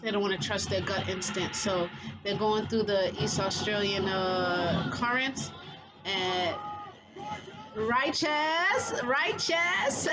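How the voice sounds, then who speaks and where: A woman's voice: mid-range voice, steady tone, measured pace, music in the background, poor audio. A woman giving casual spiritual commentary as a vlogger, rambling and leaning heavily on filler phrases. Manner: rambling, heavy on "you know" fillers.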